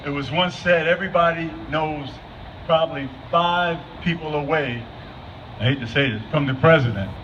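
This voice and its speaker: His pitch is fairly high and his tone fairly bright, and he talks at a normal speed, well away from the mic. The man is giving an unscripted address at an outdoor vigil, repeatedly quizzing the crowd. It's a dull, lo-fi recording with light noise.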